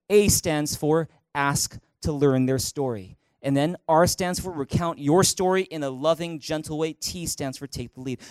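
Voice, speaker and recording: Male pastor, sermon, high pitch, dry close sound, animated preaching with loud acted-out quotes. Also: no room sound. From Canada. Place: church auditorium.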